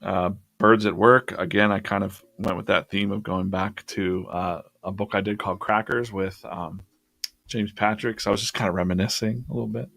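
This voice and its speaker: A man's voice: fairly low pitch, fairly even intonation, normal speed, vocal fry, fairly bright tone, dry recording. A man hosting a drawing livestream, chatting casually and laughing as he rambles through his past sketches.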